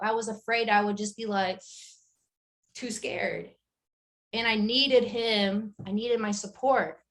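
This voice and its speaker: A young woman giving a candid, emphatic motivational talk to her business team, sharing a personal story. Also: fairly high pitch. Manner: animated, emphatic, speaks candidly and directly. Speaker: network marketing team leader.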